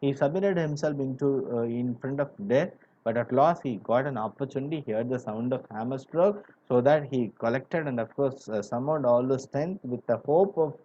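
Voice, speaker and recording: A man's voice: medium pitch, normal speed, few pauses, dark tone, dull audio. A male teacher explaining a story line by line to a class, paraphrasing words and checking that students understand. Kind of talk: classroom literature lesson.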